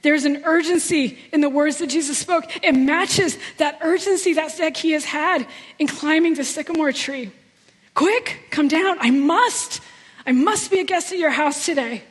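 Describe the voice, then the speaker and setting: A woman's voice: sits high, in a large hall. A woman giving a sermon, telling a personal story in an earnest, heartfelt way. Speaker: guest preacher. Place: church sanctuary.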